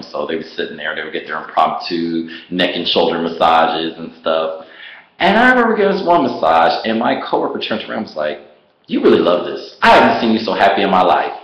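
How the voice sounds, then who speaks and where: A man vlogger telling his personal story to the camera in an animated way, laughing often and acting out what he once said. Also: sits low, muffled recording. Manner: animated, laughs often, acts out his own past words. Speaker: online business vlogger. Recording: roomy echo.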